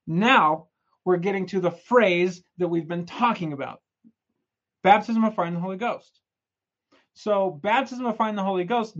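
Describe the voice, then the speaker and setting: A young man giving a casual, energetic scripture lesson, retelling stories in a chatty, playful way. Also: sits high, lo-fi sound. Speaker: scripture study presenter.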